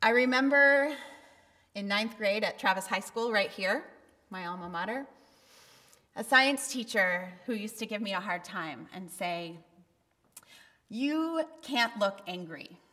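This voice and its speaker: A woman delivers a sermon in a frank, conversational way, now and then pushing hard for emphasis. Her voice is bright and forward. It rings with the long reverb of a church hall. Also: mid-range voice, unhurried. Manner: candid, conversational preaching with bursts of emphasis. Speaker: pastor. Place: church sanctuary.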